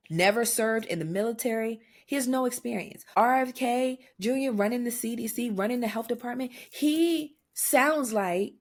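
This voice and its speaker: A young adult woman co-hosting a podcast, talking in blunt, profane, animated rants in casual chat. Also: a little high. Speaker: podcast co-host.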